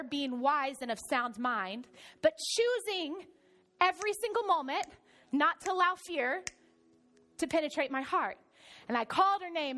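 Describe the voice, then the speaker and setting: A middle-aged woman pastor delivering a sermon in a church. Her voice sits high, and she tells her stories with energy, moving from quiet reflection to loud excitement. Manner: animated storytelling, swings from soft to loud.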